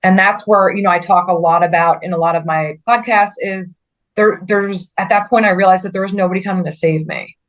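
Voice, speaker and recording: A woman's voice: medium pitch, fairly even intonation, muffled recording. A woman guest on a podcast, speaking earnestly about her own experiences, often restarting sentences and filling with "like". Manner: earnest, halting, with frequent restarts and "like" fillers. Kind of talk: personal story in a conversational interview.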